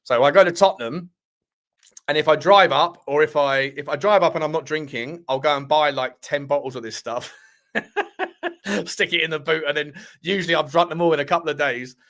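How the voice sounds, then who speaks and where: A man's voice: on the high side, a little fast, fairly bright tone. A man hosting a casual live chat, rambling, bantering with viewers and laughing often. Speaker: livestream host reading chat.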